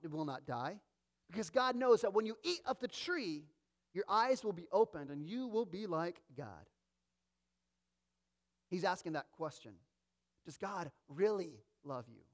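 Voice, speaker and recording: A male pastor preaching a sermon, expressive and dramatic, acting out quoted voices as he teaches. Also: extremely high pitch.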